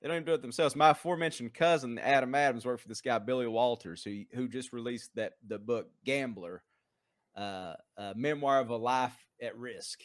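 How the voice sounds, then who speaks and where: A man's voice: mid-range voice, a little fast, no room sound, studio quality. A man speaking as a guest on a casual podcast who rants emphatically about gambling. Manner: emphatic, ranting. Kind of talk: casual chat.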